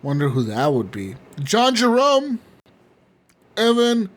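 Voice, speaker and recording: Man, gaming podcast host, slightly high-pitched, rambling and profane. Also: wildly swooping pitch, slow. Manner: profane, rambling, laughs often. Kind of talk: casual podcast chat.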